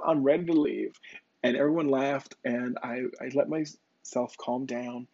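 Gravelly husky man telling a story. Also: medium pitch, no echo, lo-fi sound. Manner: conversational, with fillers and restarts. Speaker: psychic medium. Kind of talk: personal storytelling.

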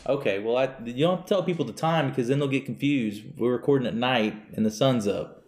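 A man's voice: mid-range voice, fast talker, a little mellow. A young man co-hosting a casual podcast, rambling and laughing often as he spins theories. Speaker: podcast co-host. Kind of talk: casual chat. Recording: roomy echo.

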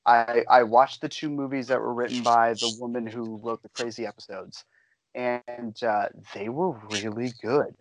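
A man co-hosts a podcast, rambling enthusiastically in casual chat with lots of fillers. His mid-range voice has fairly even intonation at normal speed. The recording is low quality, with no echo.

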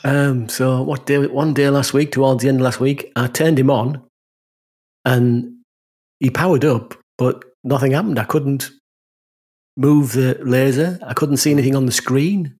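Husky northern English man. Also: mid-range voice, fairly even intonation, darkish tone. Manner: rambling storyteller, quick to laugh. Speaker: podcast co-host. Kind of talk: casual chat.

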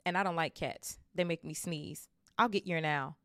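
A woman voicing a big, gruff, kindly male groundskeeper who speaks loudly and bluntly in a homely way, in a storybook reading. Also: sits low, normal speed, no room sound, studio quality.

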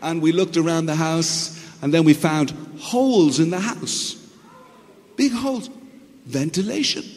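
A man with a high voice delivers a sermon at a slow, deliberate pace. He tells stories in an animated way and acts out noises. The hall rings with a long reverb, and faint music sits underneath. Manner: animated storytelling, sound effects and imitations. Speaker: pastor.

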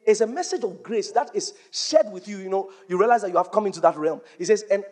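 A man preaching a church sermon, emphatic and rising to shouts on key points, quoting scripture in old-fashioned wording. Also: high-pitched, fast talker.

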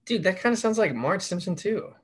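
Laid-back husky-voiced podcast guy. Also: high-pitched, lively intonation, fairly quick. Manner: rambling, laid-back, slangy. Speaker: podcast co-host. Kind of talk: casual chat.

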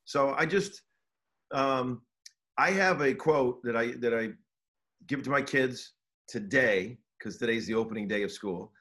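An earnest middle-aged man talks casually in an interview, his voice sitting in an ordinary middle pitch. He often restarts sentences and repeats words as he works out what he means. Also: measured pace, a bit bright. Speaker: college basketball coach.

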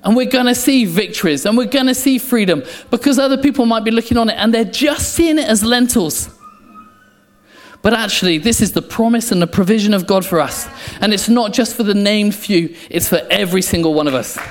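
High-voiced preacher, passionate. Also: male voice, brisk. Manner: passionate, repeats phrases, drops to quiet intensity. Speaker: pastor. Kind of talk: sermon. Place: church. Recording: echoey church hall, soft guitar behind.

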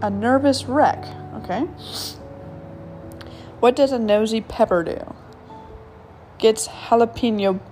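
A woman hosts a casual solo podcast, reading jokes aloud, giggling often and stumbling over the punchlines. Her mid-range voice is a little mellow.

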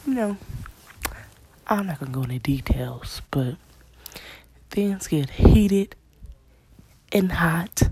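Low, gravelly young woman telling stories. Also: animated, slow, long pauses, background noise. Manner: slangy, blunt, profane, often whispering. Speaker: storyteller vlogger. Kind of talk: casual storytime chat.

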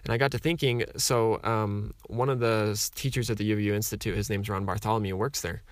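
A man's voice: lowish voice, steady tone, fairly quick, dry recording. A man in his twenties telling a personal story in a casual, rambling way, full of fillers and acted-out dialogue. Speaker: speaker sharing a personal story.

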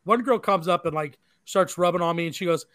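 A man's voice: high-pitched, a little fast, a bit bright, no echo, clean studio sound. A married man telling a long rambling story in casual chat, full of profanity and fillers.

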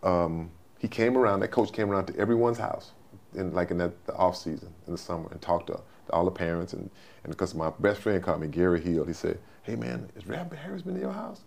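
Brief: man, 60s, very deep gravelly voice, folksy storyteller. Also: steady tone, a little fast, darkish tone. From Texas, USA. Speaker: guest, former football player. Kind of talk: storytelling interview.

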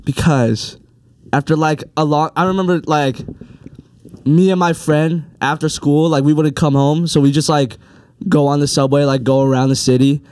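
A man's voice: on the high side, steady tone, normal speed, darkish tone, clear, resonant tone, no echo, studio quality. A young man in casual chat, rambling with lots of fillers and swearing.

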